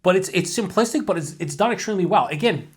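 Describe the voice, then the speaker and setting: A man's voice: sits high, animated, quick pace, husky. A man casually reviewing a beer on his own channel, rambling with lots of fillers, swearing freely and mocking himself in asides.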